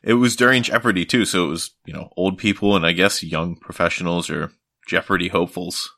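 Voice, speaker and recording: A man's voice: low-pitched, steady tone, fairly quick, vocal fry, bright, forceful tone, no echo, clean studio sound. A man co-hosting a podcast in casual chat, laughing often and riffing on ads. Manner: laughs a lot, acts out ads in a mock announcer voice. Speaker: podcast co-host.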